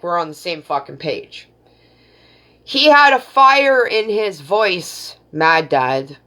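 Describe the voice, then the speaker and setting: Slow-talking, blunt, foul-mouthed Canadian woman. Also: mid-range voice, sharp tone. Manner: blunt and profane, recounting exchanges in dialogue. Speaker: livestream host. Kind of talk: casual live-stream storytelling.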